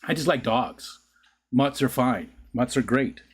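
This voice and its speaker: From a home room, a male livestream host chats casually with his live viewers, drifting from thought to thought and laughing easily. His ordinary mid-pitched voice, picked up by a desk mic, is a little slow, and the background is noisy.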